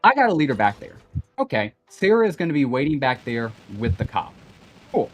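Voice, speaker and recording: Young male gamer guest, mid-pitched, chatty and rambling over voice chat, soft music underneath. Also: big pitch swings, fairly quick. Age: young adult. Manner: rambling, full of "like" and "you know". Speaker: guest on a gaming stream. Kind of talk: casual storytelling in a group voice chat. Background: faint background music.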